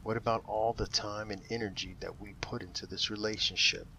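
A man voicing a distraught betrayed wife with anguished, shrill outbursts in a spoken story. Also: fairly even intonation, fairly quick, bright, forceful tone, slight background noise.

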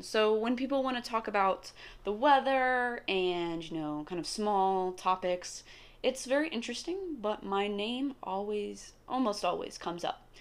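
A woman's voice: mid-range voice, a bit bright. A young woman talking casually to the camera in a rambling, chatty monologue, laughing often. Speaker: vlogger.

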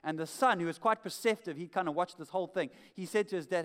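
A man preaching a sermon as pastor, animated and emphatic, often repeating key phrases. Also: high-pitched, quick pace, hardly any pauses, clear, resonant tone. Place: church hall.

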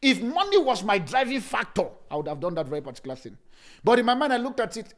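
A man preaching as a pastor, repeating phrases for emphasis, and swinging between loud emphatic lines and soft, laughing asides. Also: high voice, very animated, fast talker. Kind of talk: sermon.

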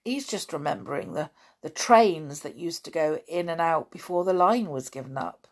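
A woman reading aloud, voicing a calm, sensible older boy who talks others down. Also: low-pitched, moderate pace. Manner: calm, reasoning.

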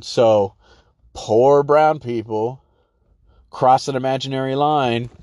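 A man's voice: mid-range voice, warm tone. A man, hosting a podcast in a heated, profane monologue and sometimes mocking others in put-on voices. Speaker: podcast host. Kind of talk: casual ranting monologue.

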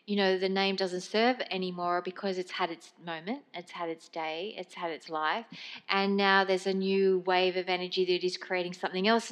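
A woman hosting a spiritual podcast, speaking slowly and gently in a meandering monologue full of fillers. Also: lowish voice. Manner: slow, meandering, gentle delivery with many fillers. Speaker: podcast host.

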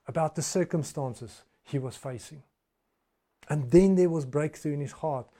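A man preaching a morning sermon, emphatic and swinging between loud and soft passages. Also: on the high side. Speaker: pastor.

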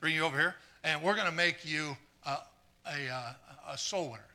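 A man preaching a live sermon, earnest and stumbling over repeated words, trading jokes with the congregation and swinging from quiet asides to fired-up exclamations. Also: a little high, brisk. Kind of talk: live sermon with audience volunteers.

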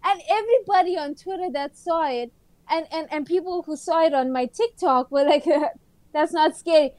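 A woman co-hosting a casual podcast chat, telling a story in an excitable, dramatic way. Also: sits high, normal speed, no echo. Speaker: podcast co-host.

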